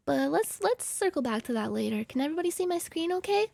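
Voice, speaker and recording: A woman streamer with a very high voice edged by a gravelly fry, talking casually over her game. She is excitable and rambling, bursting into mock-angry cursing rants. The sound is close and dry, with no room around it. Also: fast talker, dry recording. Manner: rambling, giggly tangents.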